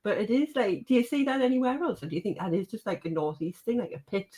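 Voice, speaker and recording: Woman host with a mid-pitched voice, loose and filler-heavy. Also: lively intonation, quick pace, warm tone. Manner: chatty, full of fillers. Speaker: podcast host. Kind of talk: casual podcast chat.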